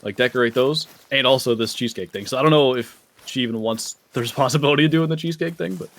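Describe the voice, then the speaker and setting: Talking fast in a medium-pitched, fairly bright voice, a young man livestreams a game and chats casually. His manner is laid-back and rambling, packed with fillers such as "like."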